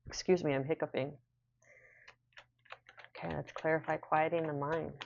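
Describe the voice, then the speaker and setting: A woman's voice: low voice, flat delivery, normal speed, gravelly, pauses often, a little mellow, muffled recording. A woman giving a casual spoken tarot reading, repeating phrases in a soothing, affirming way. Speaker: tarot reader.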